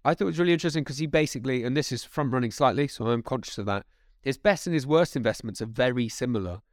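Lively quick-talking podcast co-host man. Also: medium pitch, dry recording, studio quality. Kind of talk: casual chat.

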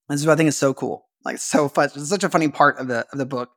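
A man talks through a Bible passage in a relaxed, conversational podcast monologue. His voice sits a little higher than most men's. He leans on "like" and often restarts his sentences. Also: quick pace, few pauses. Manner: chatty, frequent "like" fillers and restarts. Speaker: podcast host. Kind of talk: casual Bible-study monologue.

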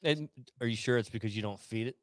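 A man co-hosting a casual podcast, teasing his partner with quick interjected questions. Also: lowish voice, dry recording. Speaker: podcast co-host. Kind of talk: casual chat.

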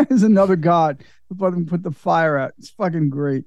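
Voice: medium pitch, normal speed, darkish tone, no echo, muffled recording. Laughing, profane podcast host. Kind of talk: casual film recap.

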